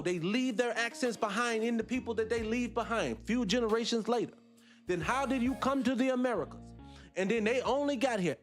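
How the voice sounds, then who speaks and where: A man hosting a morning reaction show, talking conversationally with sarcastic asides and speaking directly to his viewers. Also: high-pitched. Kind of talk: reaction commentary.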